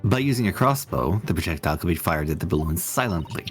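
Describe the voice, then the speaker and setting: Give me someone reading as an earnest young defense lawyer with a low, lively voice. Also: fast talker, over music. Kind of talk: casual fan reading of game lines.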